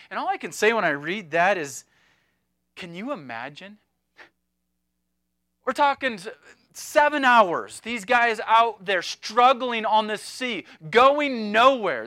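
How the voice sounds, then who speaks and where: A man preaching with a high, bright voice in an animated, chatty way, full of asides and jokes. The sound is dry and close, with no room around it. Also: no room sound. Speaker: pastor. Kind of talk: sermon.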